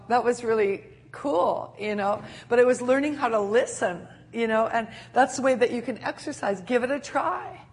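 An older woman preaching a sermon, animated and laughing often as she acts out quotes. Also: a little high.

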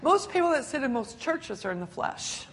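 An older woman preaching a sermon, animated and laughing often as she acts out quotes. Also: high-pitched, normal speed.

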